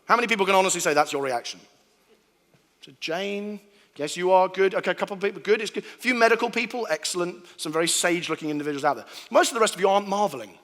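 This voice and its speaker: A man's voice: sits high, quick pace, fairly bright tone, long reverb tail. A man giving a humorous sermon to a live audience, acting out sounds and voices as he tells stories. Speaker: preacher giving a talk. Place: large hall before an audience.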